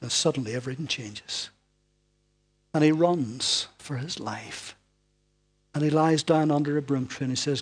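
A man preaching a sermon in a dramatic way, moving from loud, emphatic lines down to hushed, almost whispered ones. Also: fairly high pitch, normal speed, long pauses, breathy edge.

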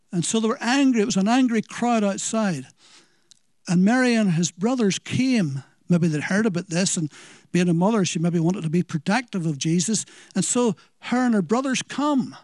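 A man's voice: high voice, lively intonation, normal speed, no room sound, clean studio sound. A man with a Northern Irish accent preaching a sermon, telling it as an earnest story and asking the listeners questions.

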